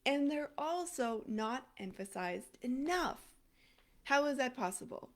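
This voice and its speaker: A woman's voice: sits high, expressive, measured pace. Woman coach musing aloud to camera. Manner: thinks aloud, restarts and checks her own pronunciation. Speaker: sex and intimacy coach. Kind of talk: casual talk to camera.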